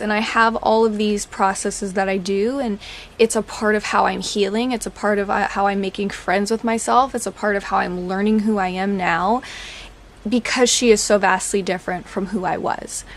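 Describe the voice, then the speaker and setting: A woman, talking candidly as a podcast host, chatty and laughing through dark jokes. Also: medium pitch. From Oklahoma. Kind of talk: casual personal talk.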